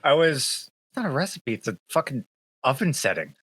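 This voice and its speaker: A man's voice: medium pitch, sing-song, brisk, a bit bright, breathy edge, no room sound. A man co-hosting a podcast in casual chat, rambling and swearing, full of fillers and restarts. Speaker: podcast co-host. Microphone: webcam setup.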